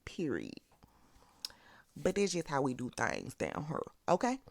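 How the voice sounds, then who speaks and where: A speaker from Birmingham, Alabama with a Southern accent, giving sassy, animated casual commentary on a reality show and laughing often. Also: medium pitch, moderate pace, no room sound.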